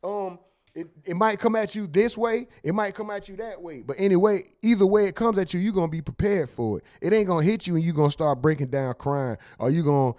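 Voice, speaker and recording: Male host with a high voice; blunt, cursing, emphatic commentary. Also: a little fast, a little mellow. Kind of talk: casual commentary.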